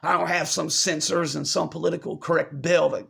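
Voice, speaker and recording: A man giving a confessional vlog update to his viewers, choked up and fighting back tears, halting and apologetic as he repeats himself. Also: fairly high pitch, flat delivery, vocal fry, a bit bright, husky. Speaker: vlogger.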